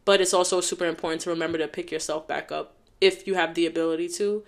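A woman's voice: on the low side, fairly even intonation, fast, gravelly. A young woman hosting a casual solo podcast, talking in a heartfelt, rambling way full of fillers. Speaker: podcast host.

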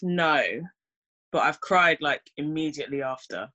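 A woman's voice: low voice, measured pace, sharp tone. A young woman, chatting casually and acting out her own reactions. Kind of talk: casual chat.

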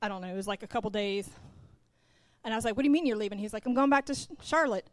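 A middle-aged woman races through her sermon in a medium-pitched voice, recorded dry. She is a pastor's wife preaching from the pulpit, sharing a personal story, acting out the dialogue, and speaking directly to the congregation.

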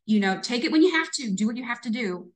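A woman's voice: a little high, animated, fast, slight background noise, low-quality recording. A woman in her fifties, a retired police lieutenant, telling a story earnestly and reflectively in an interview.

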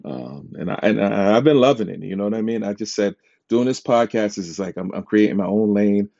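A man hosting his own podcast, telling casual stories in an animated, self-described dramatic way and laughing often. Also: on the low side, fairly quick, vocal fry. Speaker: podcast host. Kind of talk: casual storytelling monologue. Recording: dull lo-fi recording.

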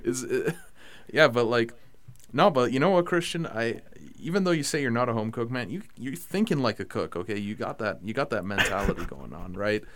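A young man hosting a casual podcast chat, rambling with many fillers and getting excitable about food. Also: medium pitch, moderate pace, slight background noise. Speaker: podcast host.

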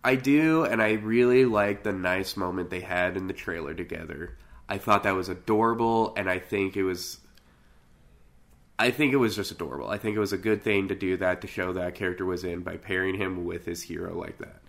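Casting: low-pitched man with a bright, forceful tone, sardonic podcast guest. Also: brisk, creaky. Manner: sardonic, swears freely. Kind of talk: casual podcast chat.

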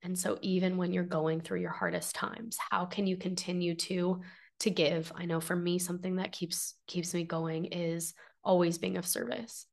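A young adult woman talks through a personal story on her podcast in a lowish, fairly flat voice. She sounds earnest and heartfelt, emotional and close to tears, and her speech wanders with fillers and restarts. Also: normal speed. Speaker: podcast host. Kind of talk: personal reflective monologue.

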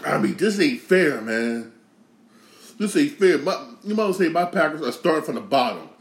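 A man from Connecticut hosting a podcast, ranting casually with slang and a lot of repetition, swinging from loud outrage to low grumbling. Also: very animated, normal speed, reverberant. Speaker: podcast host. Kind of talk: casual sports rant.

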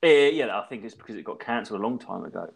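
A man in his thirties from England, co-hosting a podcast in casual chat, rambling through an animated story and swearing freely. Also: on the low side, fast, gravelly, crowd noise. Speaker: podcast co-host.

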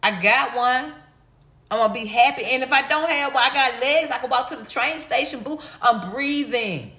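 A woman's voice: high-pitched, normal speed, bright, forceful tone. A middle-aged woman hosting a livestream, chatting casually and reading chat comments in a slangy, blunt, laughing way. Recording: echoey room.

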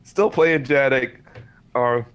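Chill guy player, talks slow, dry delivery. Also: medium pitch, a bit bright, clear, resonant tone, lo-fi sound. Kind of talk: casual podcast banter.

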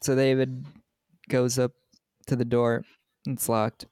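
A man with a gravelly, creaky edge to his voice walks through a movie's plot in a relaxed podcast chat. He laughs a lot as he retells the scenes. The sound is close and dry, with no room around it. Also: medium pitch, takes it slowly, no room sound. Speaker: podcast co-host. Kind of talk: casual movie recap chat.

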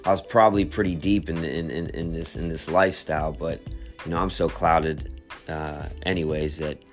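A man with a deep, low voice shares a personal testimony. He speaks quietly and haltingly, stumbling over repeated words and restarting sentences as he searches for what to say. Faint music plays softly behind him. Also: fairly even intonation. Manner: quiet, reflective storytelling.

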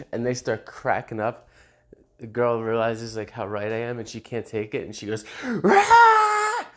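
A man's voice: on the low side, little pitch movement, moderate pace. A man hosting his own show in a casual unscripted monologue, blunt and profane, often laughing at his own jokes. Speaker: show host.

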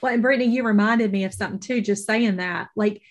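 A woman in casual faith-based chat, earnest and quick, laughing between thoughts. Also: mid-range voice.

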